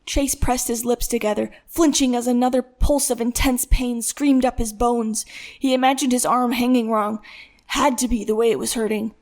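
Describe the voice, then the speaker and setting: A woman narrating a dramatic thriller audiobook in a steady storytelling voice. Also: fairly high pitch, moderate pace.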